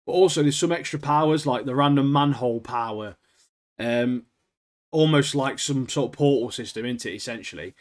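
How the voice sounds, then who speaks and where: A man's voice: medium pitch, normal speed. Chatty podcast guy. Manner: rambling, laughs often, lots of "like" and "mate". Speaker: podcast co-host. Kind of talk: casual anime chat.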